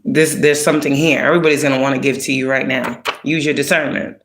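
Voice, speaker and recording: A woman's voice: rumbling low, fairly even intonation, quick pace, slight background noise. A woman giving a casual spiritual card reading, talking bluntly with heavy profanity and streetwise slang. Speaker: spiritual reader. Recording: roomy echo.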